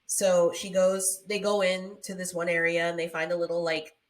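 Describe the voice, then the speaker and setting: A woman's voice: fairly low pitch, moderate pace. Female podcast co-host, conversational plot recap, playful. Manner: animated retelling with playful quoted voices. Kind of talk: casual movie recap chat.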